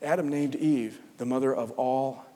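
A man preaching a sermon, swinging from loud, fervent build-ups to hushed, almost whispered lines. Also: medium pitch, fairly even intonation, moderate pace, in a large hall. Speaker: pastor.

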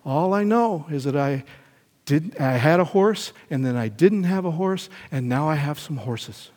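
A man voicing a poor, wise old village man in a sermon story, speaking quietly and evenly. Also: a little high. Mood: measured. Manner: quiet, even and measured. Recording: echoey hall reverb.

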